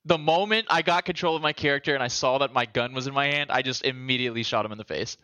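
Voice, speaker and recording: Man, bright slightly high voice, dry close sound, casual rambling chat, animated. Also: fast, smooth, no room sound, lo-fi sound. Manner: rambling, animated storyteller who overthinks aloud.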